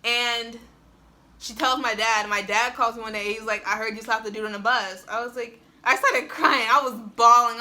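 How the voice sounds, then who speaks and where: At a normal speed and with a sharp tone, a young adult vlogger in a fairly high voice recounts a personal story. Her casual, chatty delivery is full of "like" and frequent laughs, filmed with a phone on a tripod.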